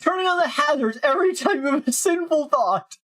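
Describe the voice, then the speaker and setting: Woman, high-pitched, lively intonation, giggly, casual quiz reading. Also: brisk. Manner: giggly, reads deadpan absurd lines. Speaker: co-host reading quiz questions. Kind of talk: casual chat, reading quizzes aloud.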